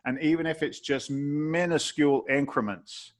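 A man's voice: fairly high pitch, fairly even intonation, normal speed. A man from England, a guest entrepreneur on an interview podcast, giving emphatic, preachy motivational advice with blunt wording and a bit of swearing.

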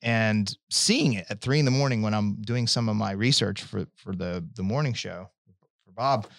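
A man's voice: lowish voice, normal speed, creaky, fairly bright tone, dry recording, clean studio sound. A young man talking casually as a podcast guest, rambling with restarts and frequent laughs. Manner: rambling, self-interrupting, laughs often. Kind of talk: casual chat.

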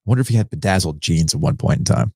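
A man co-hosting a sports podcast in casual chat, teasing and animated. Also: fast talker, creaky, husky, dry recording, clean studio sound. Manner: animated, teasing, jumps into high mock shouts. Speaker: podcast co-host.

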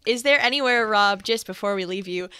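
A woman's voice: medium pitch, fairly quick, bright, forceful tone, clear, resonant tone, no echo, clean studio sound. A woman co-hosting a podcast, upbeat as she wraps up and reads credits. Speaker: podcast co-host. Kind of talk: casual podcast chat and outro.

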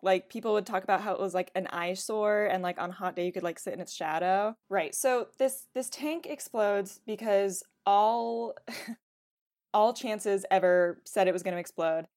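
A woman's voice: mid-range voice, normal speed, darkish tone. A woman co-hosting a podcast, telling a story from her research in a casual, chatty way, full of "like" fillers. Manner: chatty, filler-heavy with frequent "like". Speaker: podcast co-host presenting research. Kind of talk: casual chat.

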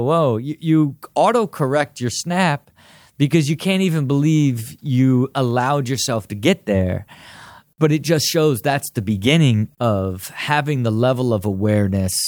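Male podcast host with a mid-range voice, animated and repetitive, dry close sound. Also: medium pitch, no room sound. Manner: animated, repeats words and restarts, quick asides. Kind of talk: casual self-help monologue.

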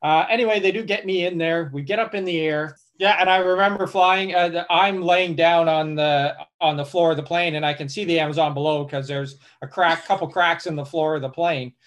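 A man's voice: a little high, brisk, hardly any pauses. A man, a travel blogger and guest, telling a story casually with lots of restarts and fillers. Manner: animated, many restarts and fillers. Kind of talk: conversational storytelling.

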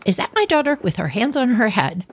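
A protective mother played by a woman cuts in with a sharp, firm, no-nonsense tone. Her voice carries a lively lift. Background noise runs steadily underneath. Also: a little high, a little fast.

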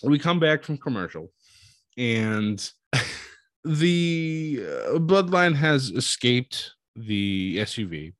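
A man hosting a casual recap of a wrestling show, telling it as an animated story, chuckling often and acting out what people said. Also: mid-range voice, takes it slowly, dry recording.

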